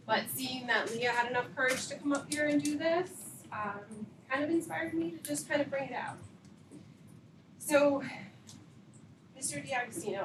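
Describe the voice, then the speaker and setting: Woman, middle-aged, parent, emotional, confrontational, echoey room. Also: on the high side. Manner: emotional, confrontational, rising intensity. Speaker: parent at public comment. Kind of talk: public comment at a board meeting. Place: school board meeting room. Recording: echoey meeting room, distant mic, hiss.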